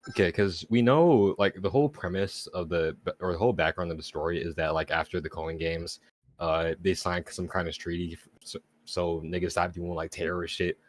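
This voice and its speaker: A man's voice: low voice, fairly even intonation, fairly quick, no echo. A young man co-hosting a casual podcast chat, talking in a loose, slangy, profane way and laughing easily. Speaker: podcast co-host.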